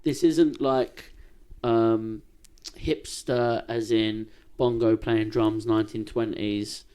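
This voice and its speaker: Slangy young man, mellow voice. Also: on the low side, fairly even intonation, takes it slowly, clean tone. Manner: slangy, swears often, laughs a lot. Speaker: podcast co-host. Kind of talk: casual banter.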